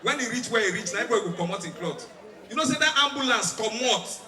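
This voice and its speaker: A man's voice: sits high, animated, fast, bright, forceful tone, a faint crowd. A man with a Nigerian accent doing stand-up comedy, telling stories in Pidgin and mimicking sirens and other people's voices. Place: large outdoor stage. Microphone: stage microphone. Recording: echoey live venue, mic at a distance.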